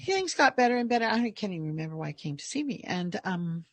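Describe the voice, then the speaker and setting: A woman naturopathic doctor telling lively stories in a casual podcast chat, acting out the people she quotes. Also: medium pitch, fast talker, dry recording.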